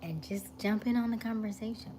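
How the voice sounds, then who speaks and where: A woman hosting a casual live stream, chatting in a relaxed way, greeting viewers by name and snacking while she talks. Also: mid-range voice, fairly quick, background noise.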